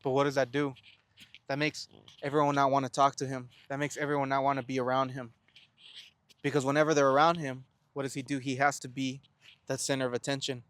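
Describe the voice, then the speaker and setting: A young man speaks earnestly to the camera in a reflective self-help monologue, posing rhetorical questions and then answering them, stammering and restarting words as he goes. His mid-range voice has little pitch movement, moves fairly quickly, sounds a bit bright, and carries no room sound.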